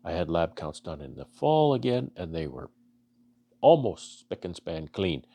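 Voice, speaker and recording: Low gravelly man, earnest and halting. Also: very animated, warm tone. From Canada. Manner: halting, many restarts and fillers, earnest. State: emotional, choking up. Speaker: beekeeper vlogger. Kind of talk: casual heartfelt talk to camera.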